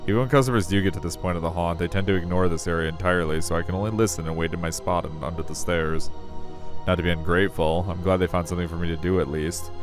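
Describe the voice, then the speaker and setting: A man reading a visual novel aloud, wry and self-deprecating as the narrator. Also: deep voice. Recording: faint music behind.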